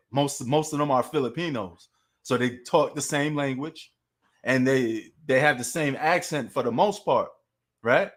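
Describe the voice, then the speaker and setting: A man from New York with a New York accent, chatting casually on a sports live stream, loose and animated, full of street slang. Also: medium pitch.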